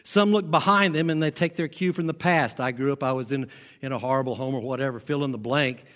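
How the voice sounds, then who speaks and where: A pastor with a faint Southern American accent preaching a sermon, stressing his key lines and repeating them slowly. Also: mid-range voice, a bit bright. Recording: long hall reverb.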